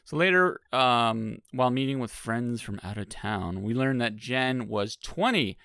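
A man's voice: mid-range voice, unhurried, vocal fry, clear, resonant tone, no room sound, studio quality. A man co-hosting a podcast, recapping a reality show in casual, sarcastic chat. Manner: sarcastic, jokey, animated. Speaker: podcast co-host.

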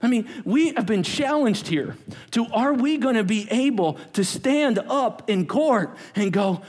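A man preaching a sermon as pastor, animated, acting out quotes and dropping to whispers. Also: extremely high pitch, a little slow. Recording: long hall reverb.

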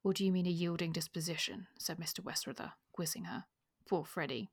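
A woman co-hosting a podcast, discussing a novel and reading passages aloud in a measured way. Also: lowish voice, creaky, breathy edge. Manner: reads passages in a measured, even way. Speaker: podcast co-host. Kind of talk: casual book chat with reading aloud.

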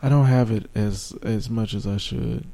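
A man's voice: on the low side, steady tone, normal speed, gravelly, mellow. A man co-hosting a casual podcast, speaking in an easygoing, mildly profane way. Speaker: podcast co-host.

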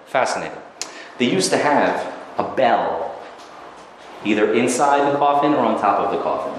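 Male teacher with a lively storytelling manner and a swinging pitch, recorded in a very echoey room. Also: a little hiss or hum. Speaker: religious teacher. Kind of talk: animated storytelling lecture. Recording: very echoey room, faint ambience.

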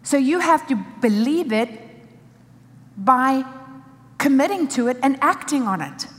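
A woman's voice: high-pitched, lively intonation, a little slow, fairly bright tone, in a large hall. A woman preaching a sermon with emphasis, driving points home in short repeated phrases.

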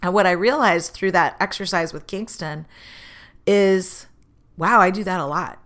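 A woman telling a personal story in a candid, animated way, acting out the voices of people in it. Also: on the low side, measured pace. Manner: candid, animated, acts out quoted dialogue.

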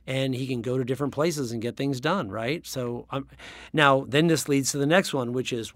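A man's voice: mid-range voice, normal speed, no room sound. A man hosting a motivational business podcast, telling stories and talking emphatically and directly to his listeners. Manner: emphatic, storytelling, direct address. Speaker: podcast host, business coach.

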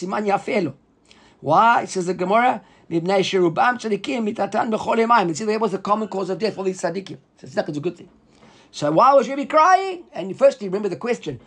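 Man, Talmud class lecture, quick delivery, animated, acts out quoted rabbis. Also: high-pitched. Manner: mixes Hebrew and Aramaic terms into English. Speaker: Talmud teacher.

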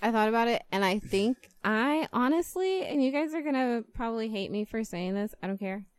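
A woman's voice: on the high side, lively intonation, a little fast, dry recording. Laughing woman, dry close sound. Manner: playful, laughs often, leads topics. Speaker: podcast co-host. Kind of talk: casual chat.

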